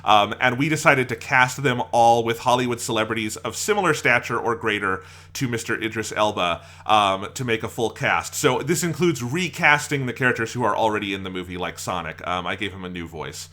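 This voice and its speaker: A podcast co-host chats casually and enthusiastically, rambling a bit and laughing often. His voice is lowish and sharp, and he talks fairly quickly with few pauses.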